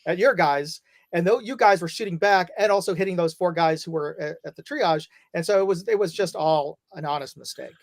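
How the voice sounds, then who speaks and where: A man's voice: fairly high pitch, fairly quick. A man in a casual podcast chat, insistently correcting details of what happened.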